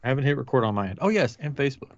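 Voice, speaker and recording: A man's voice: medium pitch, racing, dull audio. A man hosting a casual live podcast, laughing often and restarting his intro. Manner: giggly, animated, keeps restarting. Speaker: podcast host.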